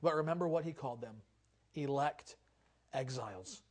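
A man preaching a sermon as pastor, impassioned, swinging from loud declarations to quiet, low passages. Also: moderate pace. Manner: impassioned preaching with wide swings in loudness and pitch.

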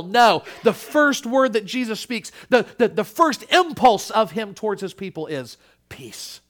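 A male pastor preaching a sermon, earnest, dropping to a hush and then rising to emphatic peaks, acting out the quoted voices. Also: very high voice, animated, normal speed.

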